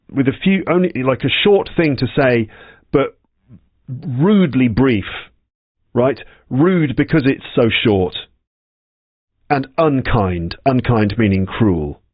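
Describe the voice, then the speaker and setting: A man teaching English, explaining the words of a story slowly and patiently, repeating them as he goes. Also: mid-range voice, no room sound, muffled recording. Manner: slow, patient explanations with repetition.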